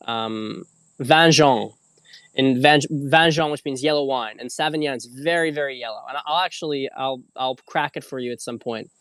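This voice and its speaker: A man's voice: a little high, clean tone, no echo. Casual rambling man, dry close sound. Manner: rambling, casual, swears freely. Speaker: host. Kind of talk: casual livestream talk.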